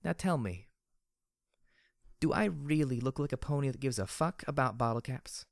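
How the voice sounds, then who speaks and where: A man's voice: mid-range voice, normal speed, vocal fry, dry recording, clean studio sound, voice pushed up, close to an everyday voice. A man voicing a brutal, cheerful armored female pony mercenary in an audiobook, with a cocky, crude, slightly slurring manner. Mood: sneering. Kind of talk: audiobook character voice.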